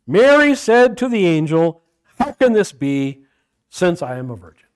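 A man's voice: high-pitched, sing-song, measured pace, clear, resonant tone. A man leading a Bible study class, questioning his students and repeating phrases as he works through a passage.

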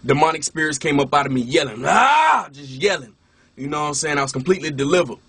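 Husky man giving a casual testimony. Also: fairly high pitch, steady tone, rapid-fire, fairly bright tone. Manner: casual, keeps saying "you know what I'm saying"; restarts and repeats words while telling. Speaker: minister and former rapper. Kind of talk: personal testimony.

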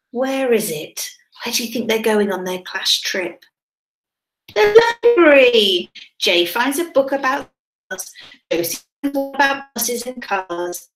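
A woman teacher, reading a picture book aloud to children in a sing-song, expressive way and asking them questions. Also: a little high. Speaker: primary school teacher. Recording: roomy echo.

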